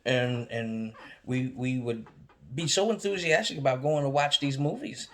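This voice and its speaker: A man telling a story in a casual monologue, stammering often and acting out quotes with sudden high outbursts. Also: measured pace. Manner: frequent stammered repeats. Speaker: vlogger.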